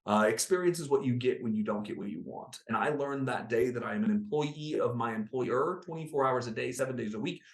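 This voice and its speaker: A man in his thirties, a podcast guest telling his story in an interview, animated and acting out the people he quotes. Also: mid-range voice, a little fast, hardly any pauses. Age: 30s. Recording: roomy echo.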